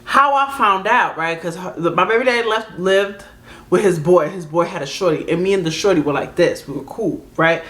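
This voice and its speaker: A woman in her thirties hosting a reaction video, chatting in a sassy, animated way and laughing often as she tells her own story. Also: lowish voice, a little fast. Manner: laughing often, sassy, calls listeners "baby".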